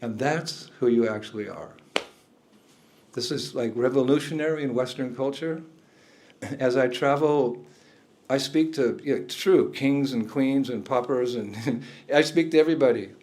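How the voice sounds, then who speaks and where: A man's voice: mid-range voice, measured pace, a little mellow. An older man, a spiritual teacher, giving a talk indoors to a room of listeners, chuckling often and asking them questions.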